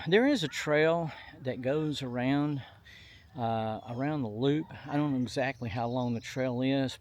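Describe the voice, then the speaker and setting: A man's voice: mid-range voice, a little hiss or hum. Folksy man touring outdoors. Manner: folksy, reads plaques aloud with fillers and apologizes for slips. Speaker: vlogger touring historic sites. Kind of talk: casual outdoor tour narration. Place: outdoors at a memorial site on a hot day.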